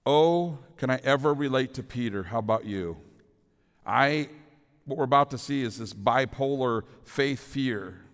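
A man's voice: mid-range voice, unhurried. Male pastor, earnest sermon delivery, medium voice, long hall reverb.

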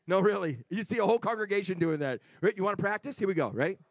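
High-voiced shouting male preacher. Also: expressive, racing, few pauses. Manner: emphatic, swings between shouting and quiet asides. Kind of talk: sermon. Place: church before a congregation.

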